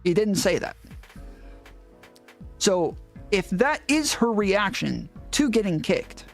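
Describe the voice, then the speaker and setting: A man, possibly a caller, slowly and hesitantly recounting events in casual speech. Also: high voice, sing-song, gravelly, faint music behind. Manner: slow, hesitant, with fillers and restarts. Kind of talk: casual retelling.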